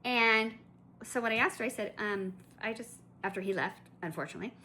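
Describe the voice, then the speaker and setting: A woman's voice: fairly high pitch, a little fast, pushed and bright, slight background noise. A woman vlogger telling a shopping story in a chatty, indignant way, full of asides and restarts. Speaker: collector vlogger. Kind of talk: casual ranting storytelling.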